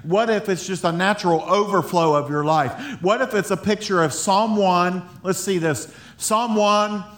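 A man with a high-pitched voice delivers a sermon. He talks in a loose, conversational way, often laughing and stumbling over restarts. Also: unhurried, hardly any pauses, fairly bright tone. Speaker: pastor.

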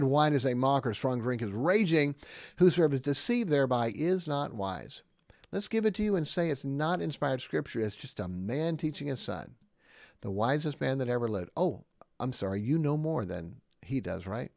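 A man's voice: mid-range voice, sing-song, normal speed, gravelly, darkish tone, no echo, studio quality. A man giving a Bible lesson in a sermon-like way. He is emphatic and drives his points home with rhetorical questions and repetition. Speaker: podcast preacher and jail Bible teacher.

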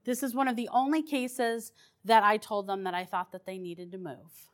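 A woman's voice: mid-range voice, fairly even intonation, moderate pace. A woman paranormal investigator telling her stories in a chatty, rambling way, with restarts and fillers. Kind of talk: casual storytelling.

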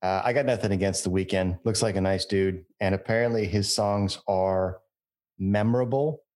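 A man's voice: low voice, moderate pace, darkish tone. A man co-hosting a casual podcast, trading easygoing, opinionated banter. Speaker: podcast co-host. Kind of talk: casual chat.

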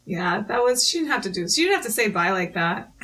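A woman chatting casually with friends while reacting to a show, full of quick exclamations and the odd swear. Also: medium pitch, big pitch swings, bright, forceful tone. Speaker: co-host watching a show.

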